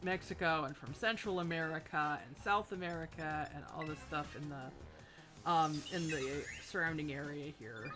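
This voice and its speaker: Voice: medium pitch, steady tone, normal speed, music in the background, low-quality recording. Chatty let's-player rambling over gameplay. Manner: chatty, rambling, self-deprecating jokes. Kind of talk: casual gameplay commentary.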